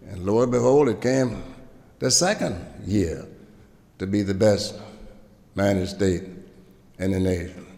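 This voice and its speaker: A man's voice: fairly low pitch, unhurried, long pauses, darkish tone. An older man with a Virginian accent, a former governor telling stories in a gala speech and acting out the exchanges he recounts. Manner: storytelling, acts out quoted exchanges. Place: large banquet hall. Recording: hall reverb.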